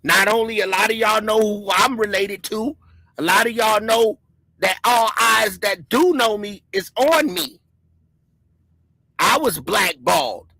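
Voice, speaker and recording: A middle-aged woman giving a loud, excitable, repetitive conspiracy commentary. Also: mid-range voice, a little slow, vocal fry, dry recording, poor audio. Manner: emphatic, preachy. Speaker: commentary streamer.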